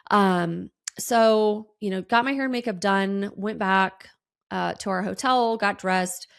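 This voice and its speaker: A woman's voice: medium pitch, slow pace, vocal fry, clean tone. A woman hosting a solo podcast, telling a personal story in a chatty way with many ums and restarts. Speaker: podcast host.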